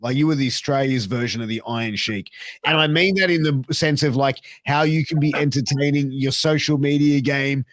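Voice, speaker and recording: A man's voice: medium pitch, brisk, a bit bright, dry recording. Earnest male podcast host, dry sound. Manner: earnest, leans on like and bro. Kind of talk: casual interview chat.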